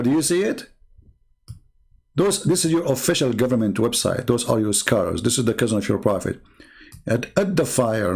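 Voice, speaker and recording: A man's voice: mid-range voice, big pitch swings, fairly quick, vocal fry, darkish tone. A man giving combative, mocking commentary on religious texts, speaking English as a second language with broken grammar and firing off rhetorical questions that he answers himself. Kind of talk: screen-share commentary on texts.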